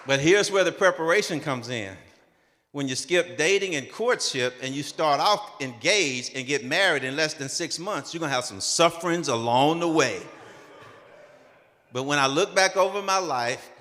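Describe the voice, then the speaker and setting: A man in his sixties telling a personal story at a conference, animated and acting out the dialogue. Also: fairly high pitch. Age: 60s. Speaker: conference speaker. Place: conference hall. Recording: long reverb of a large hall.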